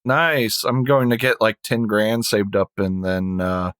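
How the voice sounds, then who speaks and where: A man's voice: lowish voice, measured pace, fairly bright tone, clear, resonant tone, no echo. A man co-hosting a podcast in casual chat, laid-back and rambling with lots of fillers. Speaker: podcast co-host.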